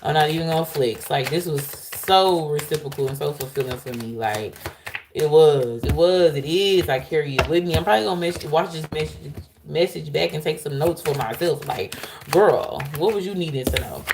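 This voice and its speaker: Low gravelly woman reading tarot. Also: moderate pace, background noise. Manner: excitable, laughs loudly, animated address to viewers. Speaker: tarot reader. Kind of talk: live tarot reading stream.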